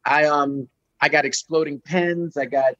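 A man's voice: fairly high pitch, unhurried, no echo, lo-fi sound. A middle-aged man telling jokey stories as a guest in a casual chat, swearing freely. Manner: animated, profane, jokey storyteller.

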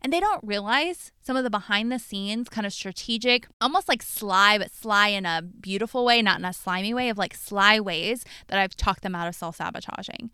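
A woman's voice: medium pitch, normal speed, hardly any pauses, sharp tone, smooth, no echo, studio quality. A woman hosting her podcast as a coach, telling a personal story in a candid, blunt, profane monologue.

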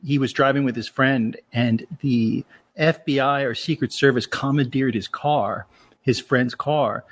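A man's voice: mid-range voice, fairly even intonation, a little slow. A man co-hosting a podcast, earnestly telling an anecdote and repeating words for emphasis. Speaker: podcast co-host. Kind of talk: casual chat, telling an anecdote.

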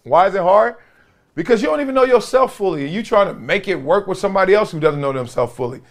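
A man hosting a podcast, talking casually in a slangy, animated monologue that swings between loud bursts and low asides. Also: fast. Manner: slangy, preachy. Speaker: podcast host.

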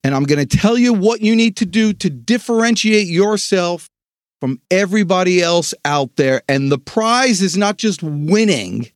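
A man hosting a sales podcast, delivering an energetic motivational pep talk with dramatic pauses. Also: high-pitched, no echo, studio quality. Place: home studio.

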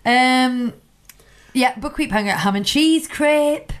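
A woman's voice: high-pitched, slow. A woman with a Northern English accent co-hosting a casual podcast chat. She talks in a chatty way, laughs often and reads menu items aloud. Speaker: podcast co-host.

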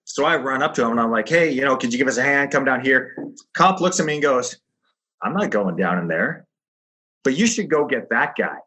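Middle-aged ex-fighter guest, bright edge to the voice, animated storyteller doing quoted voices. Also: male voice, mid-range voice, fairly quick. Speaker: guest, former pro fighter. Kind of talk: casual storytelling.

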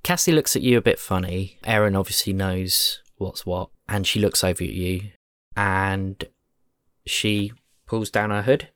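A man from Britain narrating a tabletop game as game master, measured and descriptive. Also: low voice, a bit bright, clear, resonant tone, no room sound, studio quality.

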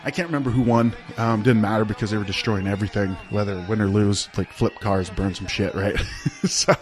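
A man's voice: lowish voice, fairly even intonation, fairly quick, soft background music. A man telling a personal story in a casual, rambling way, full of "like" and "right?". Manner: rambling, laid-back, peppered with "like" and "right?".

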